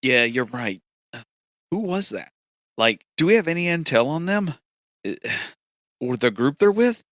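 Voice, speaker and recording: A man's voice: fairly high pitch, very animated, measured pace, fairly bright tone, no echo, studio quality. A man speaking as his tabletop game character, an injured young male hero who is hesitant and worried.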